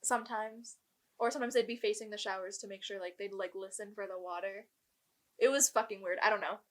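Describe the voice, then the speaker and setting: A woman's voice: medium pitch, steady tone, a little fast. Blunt, chatty young woman. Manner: blunt, chatty, filler-heavy. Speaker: podcast co-host. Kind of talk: casual chat.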